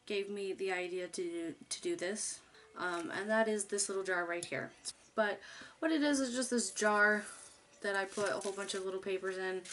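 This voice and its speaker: A woman's voice: medium pitch, a bit bright, a little hiss or hum. A young woman YouTuber talking casually to camera, chatty and rambling, candid and loose, swearing now and then.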